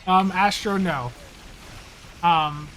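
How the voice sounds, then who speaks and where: High-voiced man hosting a casual stream. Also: extremely slow, fairly bright tone, slight background noise. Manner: easygoing, rambling with fillers. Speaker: game streamer host. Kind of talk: casual live-stream chat.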